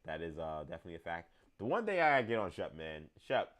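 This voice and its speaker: A man's voice: sits low, big pitch swings, fast, fairly bright tone. A man in his thirties hosting a live show, talking casually, rambling with many fillers and restarts while reading the chat. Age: 30s. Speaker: show host.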